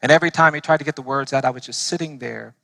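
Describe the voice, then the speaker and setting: A man, a lawyer, telling stories in an impassioned speech to a church audience, slowing down to stress his points. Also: mid-range voice, creaky, sharp tone, no room sound. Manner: earnest storytelling, slowing for emphasis.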